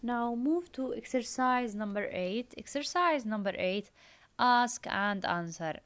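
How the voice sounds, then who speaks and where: Woman teaching English, fairly high voice. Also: slow pace, fairly bright tone, smooth. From Jordan. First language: Arabic. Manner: reads exercises aloud, repeats key phrases, explains in Arabic. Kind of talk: recorded classroom lesson.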